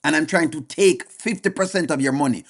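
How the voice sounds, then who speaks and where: A man with a slightly high, creaky voice speaks briskly while hosting a live reaction stream. His casual commentary is blunt; he addresses viewers by name and repeats points for emphasis.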